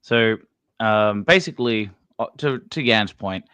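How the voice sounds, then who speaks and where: A man with a lowish voice co-hosts a relaxed live-stream football chat. He is easygoing and chuckles often. He trails off and corrects himself as he goes, and the sound is close and dry. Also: a little slow, clean tone, no echo. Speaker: fan channel co-host.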